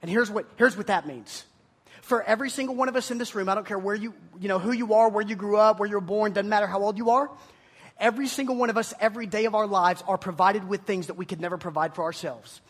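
Husky high-pitched guy preaching to students, jokey, does silly voices. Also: fast. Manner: animated, joking, mimics listeners in mocking voices. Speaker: youth pastor. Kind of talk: energetic youth sermon. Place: room with a live audience of students.

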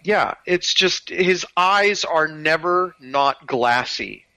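A man's voice: a little high, expressive, slow, gravelly, pushed and bright, no echo, poor audio. A man in a casual film discussion, talking enthusiastically with many restarts.

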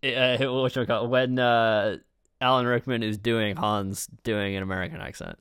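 A man co-hosting a casual chat about a film, animated and quick to laugh. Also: mid-range voice, clear, resonant tone, dry recording, studio quality. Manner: animated, laughs often, does playful impressions. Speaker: podcast co-host.

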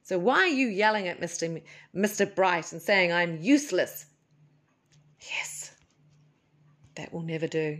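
A woman's voice: lowish voice, lively intonation, measured pace, pauses often. A woman hosting a podcast in a chatty, playful way, a little sniffly. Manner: chatty and playful, with asides and laughs. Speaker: podcast host and animal healer. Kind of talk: casual solo podcast chat.

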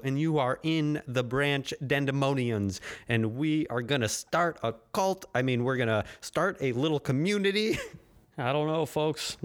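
Male solo podcast host, sarcastic and crude, rambling and caffeinated. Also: mid-range voice. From United States.

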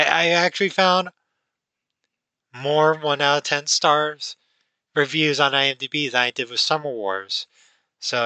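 A man's voice: mid-range voice, sharp tone, clean tone, no echo, rough recording. A man hosting a casual film-review podcast, rambling with lots of "you know" and "like". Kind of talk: casual chat.

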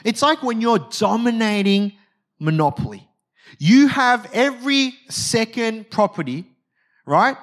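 A male preacher giving a conversational, animated sermon and often checking in with his listeners. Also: very high-pitched, a little slow.

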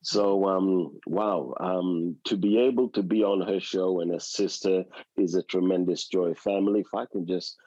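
Aussie guy calling in sick from bed, really low dark voice, kinda muffled, dry sound. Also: fairly even intonation, dry recording. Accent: Australian. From Australia. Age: middle-aged. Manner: earnest, halting with fillers. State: unwell, lying down. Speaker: call-in guest. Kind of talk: live tribute call. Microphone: phone call, audio only.

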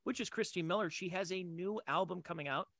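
A man's voice: sits high, fast talker, bright, forceful tone, dry recording. A man hosting a casual podcast interview, eager and rambling as he sets up questions. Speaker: podcast host.

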